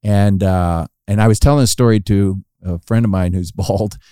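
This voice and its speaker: A man with a low, mellow voice spins a long anecdote on a podcast. He tells it casually, and his voice jumps up as he acts out the quoted lines. The recording is close and dry, with no room sound. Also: moderate pace, clear, resonant tone, no echo. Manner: animated storytelling, acting out quoted lines with rising pitch. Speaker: podcast guest storyteller.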